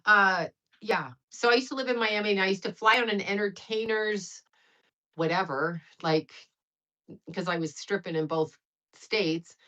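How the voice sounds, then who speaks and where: Blunt, bright-voiced older woman livestreaming. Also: mid-range voice, lo-fi sound. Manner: blunt, profane, laughing, rambling. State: sweating. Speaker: livestream host and astrologer. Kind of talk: casual livestream chat.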